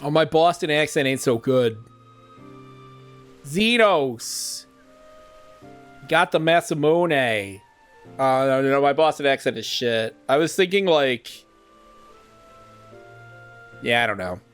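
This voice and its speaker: A man's voice: medium pitch, moderate pace, long pauses, clear, resonant tone, soft background music. A young man streaming a game live, joking and swearing freely at the screen.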